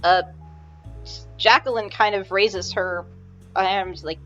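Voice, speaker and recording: A woman's voice: medium pitch, fairly even intonation, slow pace, fairly bright tone, soft background music. A woman narrating a tabletop game as game master, chatty and often restarting her sentences. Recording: muffled lo-fi recording.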